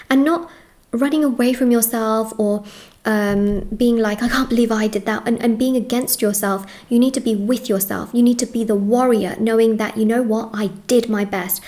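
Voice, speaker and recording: A woman's voice: a little high, a little mellow. Emphatic woman giving a tarot reading. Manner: reassuring, emphatic, repeats words, says "okay?" often. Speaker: tarot reader. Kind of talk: tarot reading addressed to viewers.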